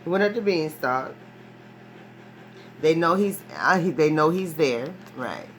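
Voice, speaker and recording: Low-voiced woman doing a rambling tarot reading. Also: measured pace, slight background noise. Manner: rambling and profane, ends phrases with a questioning "right?"; animated, emphatic storytelling with frequent restarts. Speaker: tarot reader. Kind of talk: casual spoken tarot reading.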